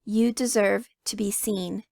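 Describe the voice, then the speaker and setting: A woman reading a picture book aloud to children, telling it in the first person with expressive emphasis. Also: mid-range voice, a little slow, gravelly, no echo, studio quality. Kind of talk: read-aloud storytelling.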